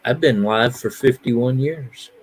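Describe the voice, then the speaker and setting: A man in his fifties, relaxed and chatty, hosts his own live stream. His voice sits at a middle pitch, and he tells his stories with easy laughs and lively turns. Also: takes it slowly. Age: 50s. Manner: easygoing, laughs through animated stories. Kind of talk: casual chat.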